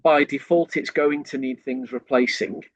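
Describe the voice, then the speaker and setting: A man's voice: medium pitch, fairly even intonation, normal speed, no echo, lo-fi sound. A man, a sales trainer, explaining in a podcast conversation and acting out lines a customer might hear.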